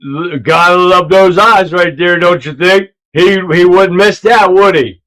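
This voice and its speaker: Male livestream host, pitched a bit high, loud and rambling. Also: a little slow, low-quality recording. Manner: loud, rambling, laughs at his own clips. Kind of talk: casual livestream commentary. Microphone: earpiece mic.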